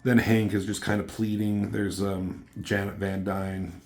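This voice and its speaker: This comic book review comes from a man with a very low voice who recaps the plot at a measured pace and in a flat delivery, wandering loosely, filling gaps with filler words, and swearing casually.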